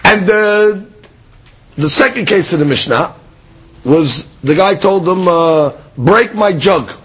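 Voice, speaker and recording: A man teaching a daily Talmud class in a lively, conversational way, moving between the texts and plain explanation. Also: sits high, takes it slowly, breathy edge.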